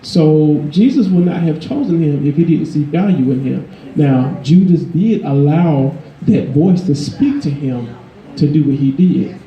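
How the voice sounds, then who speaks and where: A man preaching a sermon in a conversational, emphatic way, his voice climbing higher when he drives a point home. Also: expressive, a little slow, reverberant, muffled recording. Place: church.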